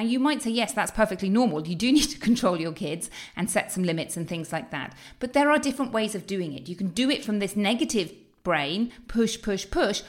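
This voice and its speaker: A middle-aged woman coaching her audience on positive thinking, at an ordinary, medium pitch. She talks in an expressive, animated way, often breaking into exclamations. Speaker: health and weight-loss coach. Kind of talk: motivational talk to camera.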